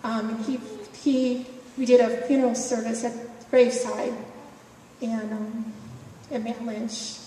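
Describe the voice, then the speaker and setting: A woman's voice: fairly high pitch, level tone, slow pace, mellow. A woman giving a personal testimony at an event, emotional and conversational, often laughing between phrases. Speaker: speaker sharing a personal story. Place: event hall. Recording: echoey hall, voice from far off, faint noise.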